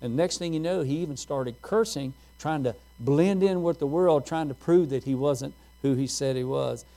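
A man's voice: a little high, moderate pace, warm tone. A man preaching a sermon, quoting scripture and telling homespun stories in a folksy manner.

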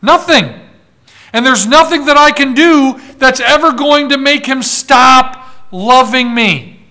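A man's voice: extremely high pitch, slow pace, bright, forceful tone. A man preaching a sermon, emphatic, repeating words for weight and reading scripture aloud. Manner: reads scripture aloud in old-fashioned wording. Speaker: pastor.

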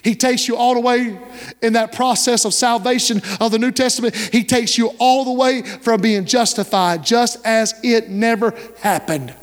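A man preaching a sermon as pastor, impassioned and rising to shouts, asking the congregation call-and-response questions. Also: very high voice, steady tone, moderate pace. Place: church sanctuary. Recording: long church-hall reverb.

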